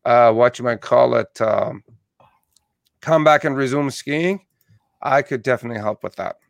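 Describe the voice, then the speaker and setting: A man's voice: medium pitch, moderate pace, vocal fry, no echo. Chatty Canadian man hosting, dry sound. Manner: friendly, chatty with filler "uh"s. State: morning voice. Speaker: interview host. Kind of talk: casual online interview.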